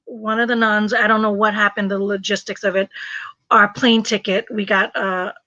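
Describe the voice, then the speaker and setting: Woman host, bright voice, dry lo-fi sound, animated, laughs a lot. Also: medium pitch, moderate pace, dry recording. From refugee from a communist country, raised in the US. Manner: animated storytelling, laughs often, searches for words. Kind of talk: casual live chat.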